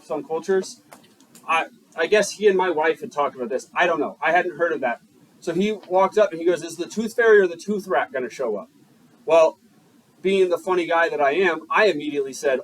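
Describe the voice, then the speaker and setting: A man's voice: on the high side, a little hiss or hum, low-quality recording. A male teacher giving a classroom lecture, joking and putting questions to the class. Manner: joking, keeps quizzing the class.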